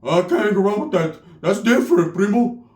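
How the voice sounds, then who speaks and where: A high, whiny, scared young cousin put on by a man telling a story pleads nervously. The voice sits well above the teller's own, with a jittery edge. It is heard in an echoey room. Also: lively intonation, fast.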